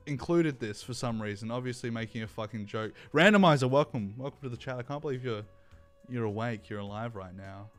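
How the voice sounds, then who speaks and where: A young man hosting a livestream, ranting in a crude, sarcastic commentary style. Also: mid-range voice. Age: young adult. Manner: crude, sarcastic, mocking asides. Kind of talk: profane casual commentary rant.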